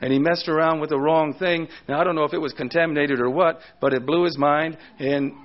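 Brief: older male preacher, higher-pitched voice, muffled lo-fi recording, questioning style. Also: steady tone, a little fast. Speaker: pastor. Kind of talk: sermon.

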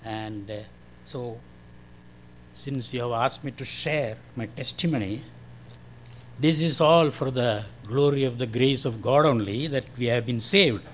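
An older man from India with a Malayalam-influenced Indian accent, giving a slow, careful church testimony. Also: medium pitch, slight background noise. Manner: slow, careful, friendly with short laughs. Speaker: guest speaker giving testimony.

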